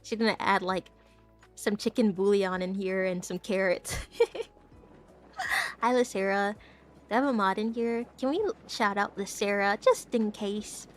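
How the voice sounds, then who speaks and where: A woman's voice: mid-range voice, unhurried, long pauses, faint music behind. A young woman chatting casually on a live stream, giggling often and tripping over her words as she rambles to her viewers. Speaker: VTuber streamer.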